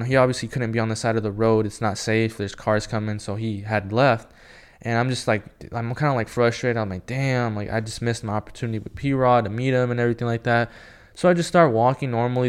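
A young man telling a story in a casual, excited, rambling way, full of filler words. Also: mid-range voice, clear, resonant tone. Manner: excited, rambling, heavy use of "like" and "yo". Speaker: skateboarding fan telling a story.

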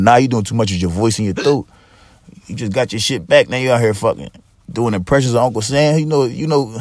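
A podcast host with a mid-range voice chats casually on a dry recording. He swears freely and rambles, piling up fillers, repeats and restarts.

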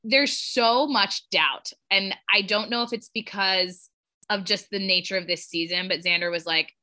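A woman co-hosting a casual group chat about a reality show, animated and swearing casually as she acts out her reactions, heard over a video call. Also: medium pitch, moderate pace. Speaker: podcast co-host.

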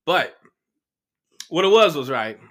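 Bright-voiced man, profane storytelling. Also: a little high, very animated, slow. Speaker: comedian podcast host. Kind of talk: casual solo monologue.

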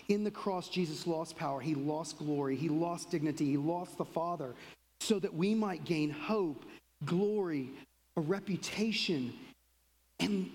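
Pastor preaching in a reverberant hall. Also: mid-range voice. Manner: conversational, acts out quotes in lively voices. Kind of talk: sermon.

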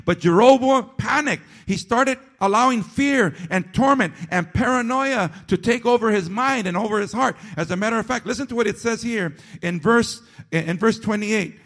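A male pastor preaching a sermon, calling out to the congregation and repeating phrases for rhythm, swinging between loud and hushed. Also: extremely high pitch, normal speed, hardly any pauses. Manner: calls out to the congregation.

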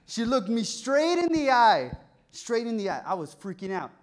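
A man's voice: extremely high pitch, sing-song, moderate pace. A young man telling a personal story in a sermon, acting out the voices of the people in it. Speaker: preacher.

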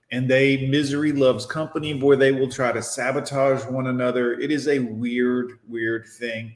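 A man's voice: mid-range voice, echoey room. A man commenting on a clip in a blunt, dismissive, lecturing way. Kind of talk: reaction commentary.

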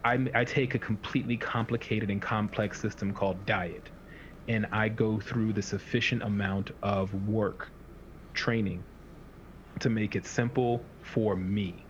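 A man's voice: fairly low pitch, steady tone, unhurried. A man talking as a fitness coach in a casual podcast chat, rambling and acting out the inner voices of his clients. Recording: dull lo-fi sound with faint hiss.

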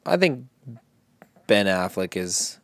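Man, low gravelly voice, laid-back, hedgy, casual podcast, dry sound. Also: very animated, slow, a bit bright. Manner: laid-back, hedging, swears. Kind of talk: casual movie chat.

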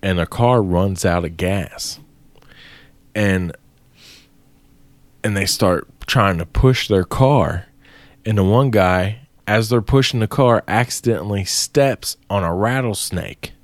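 A man's voice: fairly low pitch, slow, no echo. A man co-hosting and editing a podcast, chatting casually, swearing freely and laughing a lot. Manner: laid-back, profane, laughs often. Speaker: podcast co-host and editor. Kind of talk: casual chat.

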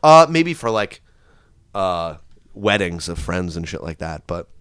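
Animated, bright-voiced storytelling man. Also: low-pitched, unhurried, clean tone, no echo. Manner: animated storyteller, swears a lot, shouts out quoted screams. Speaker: podcast co-host. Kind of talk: casual storytelling chat.

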